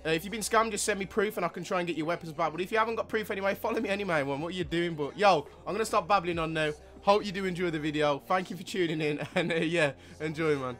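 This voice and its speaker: A man's voice: high voice, quick pace, hardly any pauses, fairly bright tone. A young man hosting a gaming channel, giving a rambling, slangy, hyped intro. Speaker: YouTube gaming host. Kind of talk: casual video intro.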